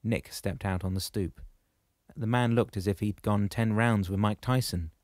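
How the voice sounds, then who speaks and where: Guy reading an audiobook, lowish voice, steady, dry close mic. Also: no room sound. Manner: steady, measured storytelling. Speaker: audiobook narrator. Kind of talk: scripted narration.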